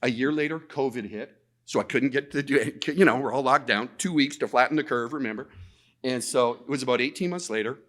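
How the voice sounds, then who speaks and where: A man gives a storytelling talk at a conference, lively and informal. His voice sits in a middle pitch, and he doubles up on words as he talks. He slips into acted-out dialogue as he tells the story. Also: a little fast. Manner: animated, repeats words, acts out quoted dialogue. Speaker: conference speaker. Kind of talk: storytelling presentation.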